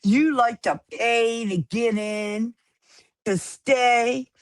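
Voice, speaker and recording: A woman's voice: fairly high pitch, very slow. A woman speaking indignantly on a livestream, accusing someone and repeating her points emphatically. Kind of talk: heated argument on a livestream.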